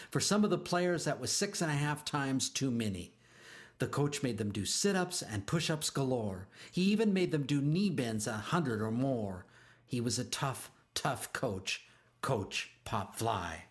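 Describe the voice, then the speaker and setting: A man reads a children's storybook aloud at a middling pitch. He is expressive and drags out key phrases for emphasis. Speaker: narrator.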